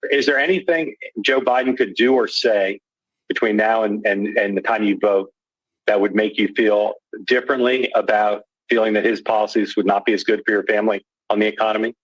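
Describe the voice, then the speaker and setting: A man's voice: lowish voice, fairly even intonation, a little fast, no room sound, poor audio. A man interviewing a panel of voters for a news broadcast, probing with repeated restarts.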